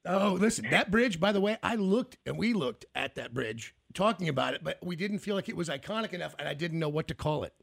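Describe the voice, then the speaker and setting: A man hosting a radio show, joking loudly with callers, laughing often and swearing. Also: sits high, animated, brisk, gravelly, hardly any pauses. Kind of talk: loud joking radio banter.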